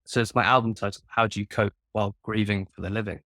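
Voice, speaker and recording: Young songwriter with a posh English accent; friendly, casual interviewer, lowish voice, dry sound. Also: male voice, steady tone, fast talker, bright, forceful tone, dry recording. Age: young adult. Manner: friendly, chatty storyteller. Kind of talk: casual chat.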